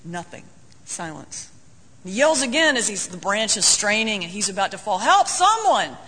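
A man's voice: sits high, lively intonation, normal speed, sharp tone, breathy edge. A man preaching a sermon as a folksy, joking storyteller. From North Carolina, US. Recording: long hall reverb.

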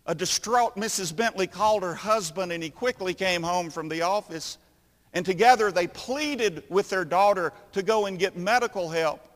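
Male preacher, high sharp voice, unhurried dramatic sermon storytelling. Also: long reverb tail. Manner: slow, dramatic pauses between phrases.

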